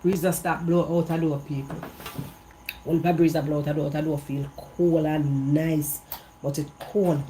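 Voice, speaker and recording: A mellow, low-sitting female voice carries this Jamaican vlogger's patois gossip, delivered at normal speed with fairly even intonation. Emphatic and repetitive, she tells her story outdoors in the evening breeze, with slight background noise present.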